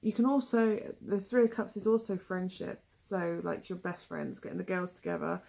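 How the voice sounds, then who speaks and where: In a lowish, creaky, mellow voice with fairly even intonation, this young English woman with a West Country accent rambles through a casual tarot reading at normal speed, full of ums and side comments.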